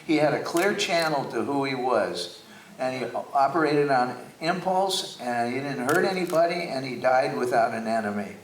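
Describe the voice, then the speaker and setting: A man's voice: mid-range voice, animated, moderate pace, heavy background noise. A man telling stories about his father on stage before an audience, talking with frequent restarts. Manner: reminiscing, warm storytelling with restarts. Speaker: guest speaker. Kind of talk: onstage talk with a live audience. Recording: echoey theater, mic from a distance.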